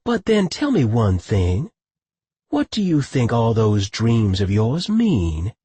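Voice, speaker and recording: A man's voice: lowish voice, very animated, moderate pace, darkish tone, husky, no room sound, full character voice. A man voicing a teasing young female night nurse in an audiobook, coaxing and playful. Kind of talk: audiobook character voice.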